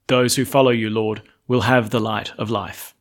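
A man's voice: lowish voice, little pitch movement, moderate pace. A man, a priest reading the Gospel and then preaching a chatty, lightly humorous homily.

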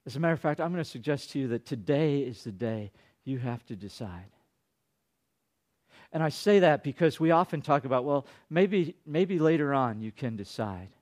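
A male pastor preaching a sermon, dropping to hushed tones and rising to loud, dramatic peaks. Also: lively intonation, moderate pace. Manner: dynamic, swinging from hushed to booming.

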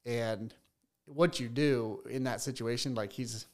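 A man's voice: mid-range voice, steady tone, a little slow, darkish tone. Chatty man telling bee stories. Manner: chatty storyteller, repeats words while restarting. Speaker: beekeeper and bee business owner. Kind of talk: casual podcast interview.

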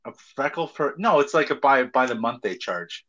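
A man's voice: mid-range voice, expressive, normal speed, a crowd in the background. A man co-hosting a casual chat, teasing and joking and often laughing. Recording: dull lo-fi sound.

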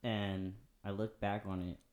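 Brief: very low-pitched guest, earnest and reflective, casual chat. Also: male voice, flat delivery, unhurried, a little mellow. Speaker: podcast guest.

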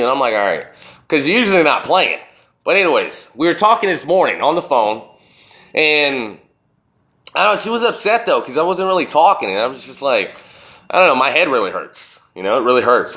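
A young man telling a rambling, profane story to the camera, swinging between loud retellings and low muttering. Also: sing-song, a little fast. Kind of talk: casual storytelling monologue to camera. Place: indoors, wall behind him.

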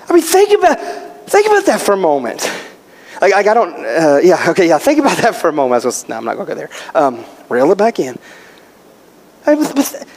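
Pastor guy preaching, asks then answers his own questions, super high voice, church echo. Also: huge pitch swings, fast talker. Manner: emphatic, asks questions and answers them himself. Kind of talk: sermon. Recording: long hall reverb.

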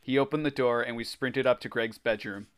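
A man's voice: mid-range voice, steady tone, a little fast, clean tone. A man hosting a podcast, reading a children's horror story aloud and breaking off for laughing, swearing asides. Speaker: podcast host.

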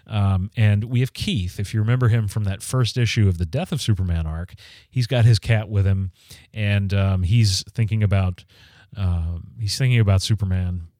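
Male podcast host, slightly low voice, relaxed talky delivery with lots of ums, dry sound. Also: normal speed, no echo. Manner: conversational, frequent ums and restarts. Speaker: podcast host reviewing comics. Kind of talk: casual spoken review.

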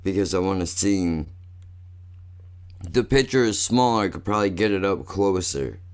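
A man's voice: sits low, lively intonation, normal speed, clear, resonant tone. A man ranting casually and rambling, swearing a lot and saying "dude" all the time. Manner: profane, rambling, says "dude" constantly.

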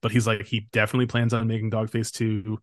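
A man speaking as a podcast guest in casual conversation, relaxed and rambling with frequent restarts. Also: on the low side, quick pace, no room sound, clean studio sound. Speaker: podcast guest, film critic.

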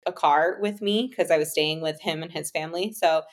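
Speaking quickly in a low voice, this young woman shares her own story as a guest, chatting conversationally. She leans heavily on "like" and fillers and plays both parts when recounting old conversations.

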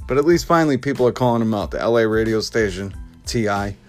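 A man's voice: lowish voice, animated, fast talker, soft background music. A man hosting a podcast, ranting with sarcastic scorn and chuckling at his own remarks. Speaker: podcast host. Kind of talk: ranting commentary.

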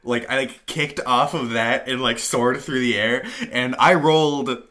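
A man's voice: mid-range voice, steady tone, measured pace, sharp tone. A young man co-hosting a podcast in casual chat, laid-back, laughing often and saying "like" a lot. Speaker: podcast co-host.

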